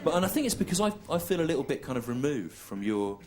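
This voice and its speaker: A man from England performing a live stand-up routine, deadpan and ironic, with halting self-corrections. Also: fairly high pitch, over a noisy crowd. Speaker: stand-up comedian. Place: live comedy venue. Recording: noisy live stand-up recording.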